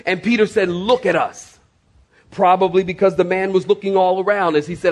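Middle-aged male pastor, high voice, sermon delivery with dramatic hushed drops and repetition. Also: fairly even intonation, brisk. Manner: preaching with big swings from loud to hushed, repeating phrases.

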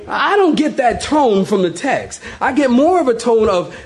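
A man's voice: high-pitched, sing-song, moderate pace. A male pastor preaching a sermon, telling stories with animation, laughter and acted-out voices.

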